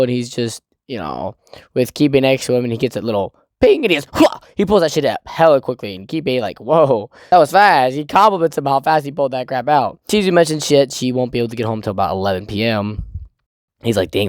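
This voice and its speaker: A man's voice: medium pitch, a little mellow, no echo, clean studio sound. A man casually recapping a manga chapter, rambling, cursing and laughing as he goes. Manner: rambling, profane, laughing often. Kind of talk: casual chat.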